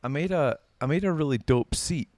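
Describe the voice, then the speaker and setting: A man's voice: fairly high pitch, animated, brisk, a little mellow, no room sound. A man with a Scottish accent, a podcast guest telling stories in casual chat, swearing and self-mocking. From Scotland. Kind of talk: casual storytelling.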